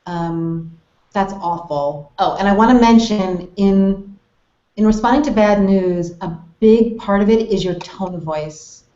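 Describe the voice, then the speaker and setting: An American woman teaching English conversation, explaining clearly and acting out example phrases with exaggerated tone. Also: mid-range voice, measured pace, dark tone. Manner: friendly, explanatory, models phrases with exaggerated intonation. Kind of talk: online English lesson hangout. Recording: roomy, dull web call audio.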